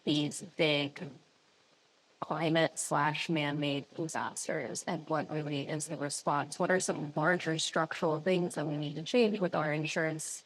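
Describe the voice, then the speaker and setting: A woman's voice: sits low, fairly even intonation, a little slow, slight background noise, low-quality recording. A woman on a panel posing rhetorical questions and answering them herself. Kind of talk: panel discussion.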